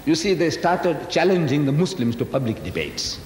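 Older male lecturer, teasing folksy delivery, lively pitch, live echoey hall recording. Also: moderate pace, slight background noise. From South Africa, of Indian descent. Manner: folksy, teasing, talks directly to the audience with rhetorical questions. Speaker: Islamic lecturer. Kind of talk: public lecture to a live audience. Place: large lecture hall with audience.

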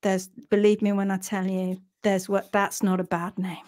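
A woman's voice: medium pitch, little pitch movement, moderate pace, a little mellow, voice pushed down, natural voice. A woman voicing an amused, unbothered female head of department in a dry, offhand way.

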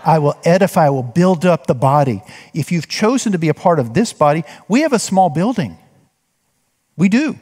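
A man's voice: fairly high pitch, big pitch swings, normal speed, a little mellow, husky. A man preaching a sermon as pastor, talking conversationally and asking the congregation questions. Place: church sanctuary. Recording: long hall reverb.

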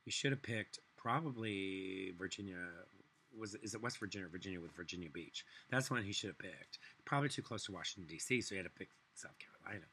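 A man rants alone to his camera, swearing freely and dripping with sarcasm. His voice sits low and husky, with a tense, forceful edge. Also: brisk. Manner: angry, profane, sarcastic ranting. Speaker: vlogger. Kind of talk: solo political rant.

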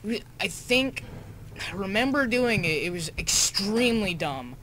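A young man commenting casually on his own gameplay, excitable and laughing, muttering asides between outbursts. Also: high-pitched, moderate pace, a little hiss or hum. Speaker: gamer. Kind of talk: casual let's-play commentary.

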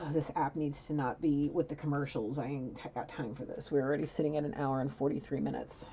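A woman's voice: low-pitched, steady tone, brisk, warm tone, dull audio, a little hiss or hum. A woman giving a rambling, blunt psychic reading in a casual, chatty way. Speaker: psychic tarot reader.

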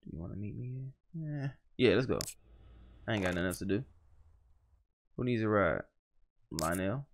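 Male gaming commentator, animated and profane, very lively pitch. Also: moderate pace, long pauses, slight background noise. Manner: animated, slangy, profane reactions. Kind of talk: let's play commentary.

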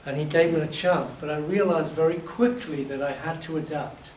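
A man from England giving a university lecture, telling lively stories and acting out his examples, his voice a little hoarse. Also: on the high side, normal speed. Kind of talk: classroom lecture. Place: lecture hall. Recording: echoey hall, distant mic, faint noise.

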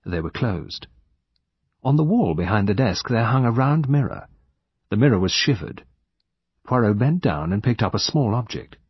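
Husky man narrating an audiobook. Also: on the low side, big pitch swings, moderate pace, long pauses, no room sound, dull audio.

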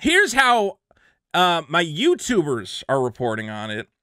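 A man giving opinionated, sarcastic commentary as a YouTuber, emphatic and animated. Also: a little high, measured pace, clean tone, dry recording, clean studio sound.

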